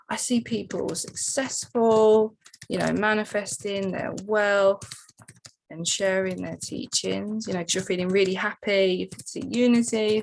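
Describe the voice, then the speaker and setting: A woman coaching listeners through a journaling exercise in a casual, animated way, full of fillers and sudden rises in pitch. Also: gravelly, a little hiss or hum. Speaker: spiritual coach. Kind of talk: casual teaching walkthrough.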